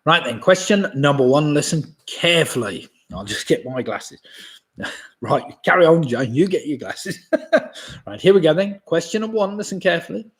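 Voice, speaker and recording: A man in his sixties hosting a live quiz from home, chatting casually, chuckling often and reading each question slowly twice. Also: a little high, expressive. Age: 60s. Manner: chatty, chuckles often, asides about beer; reads questions slowly and repeats them. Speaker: pub quiz host.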